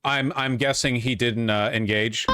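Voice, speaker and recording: A man's voice: medium pitch, steady tone, measured pace, noisy background. A man giving rambling, sarcastic reaction commentary on a livestream. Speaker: streamer commentator.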